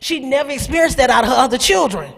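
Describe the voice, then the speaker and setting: A middle-aged woman with a drawl tells her own story to a church youth crowd, her high voice leaping up and down as she calls out to them. Her tone is husky, and her words ring out through a large sanctuary with a long reverb. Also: fast. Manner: animated storytelling, calls out to the audience. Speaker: speaker at a church youth service. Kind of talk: personal testimony to young people.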